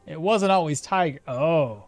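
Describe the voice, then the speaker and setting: A man's voice: on the high side, animated, measured pace, no room sound, soft background music. Chatty man streaming a game. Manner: chatty, thinks aloud, reads chat and laughs often. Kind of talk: casual live-stream commentary.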